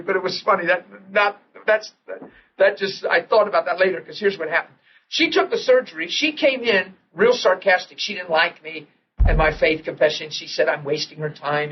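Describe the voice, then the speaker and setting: An excitable man tells a personal story as a sermon, his pitch swinging widely as he gets caught up in it. The recording is dull and lo-fi with a faint hiss behind him. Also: normal speed. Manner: excitable, animated, laughing while telling. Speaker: preacher. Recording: dull lo-fi old tape.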